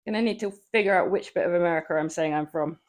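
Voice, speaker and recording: Speaking fast in a lowish voice, a woman livestreams her workout from her home gym. Between lifts she chats casually with viewers, laughs often, and swears now and then.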